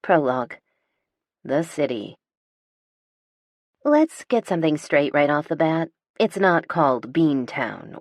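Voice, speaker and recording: Low-voiced woman, wry audiobook narration. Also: lively intonation, darkish tone, dry recording. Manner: wry, sardonic, deliberate emphasis. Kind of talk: scripted first-person audiobook narration.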